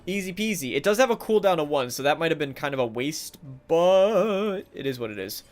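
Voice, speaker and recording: A man's voice: fairly high pitch, lively intonation, fairly quick. A man streaming a video game live, commenting casually and talking sarcastically to the characters on screen.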